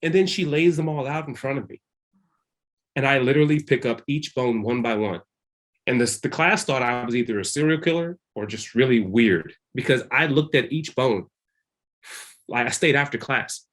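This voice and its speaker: A man, a wellness practitioner, telling a candid personal story in loose, conversational speech with many repeats. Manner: animated, acts out quoted dialogue with big pitch jumps.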